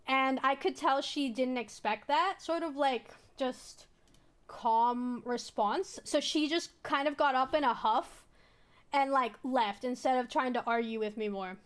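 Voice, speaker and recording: High-voiced young woman rambling a story. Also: moderate pace. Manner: rambling, many fillers and restarts. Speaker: VTuber streamer. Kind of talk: casual storytelling stream.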